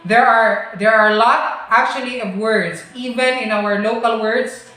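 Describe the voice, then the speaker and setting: A woman with a Filipino accent teaching English pronunciation, modelling each word deliberately in repeat-after-me drills and addressing the class. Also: on the high side, fairly even intonation, a bit bright. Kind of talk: online speech lesson with repeat-after-me drills. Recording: very echoey room.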